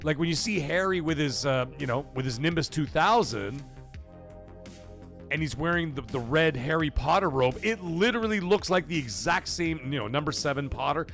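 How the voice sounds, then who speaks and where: A man's voice: a little high, expressive, normal speed, gravelly, a bit bright, soft background music. A man hosting a livestream, chatting casually and profanely in a rambling way while reading chat messages. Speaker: livestream host.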